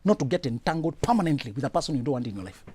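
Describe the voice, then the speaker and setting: A man's voice: on the high side, racing, slightly rough. Preachy man giving blunt advice. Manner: forceful, preachy, lively. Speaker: relationship advice guest. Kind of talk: blunt advice on a talk show.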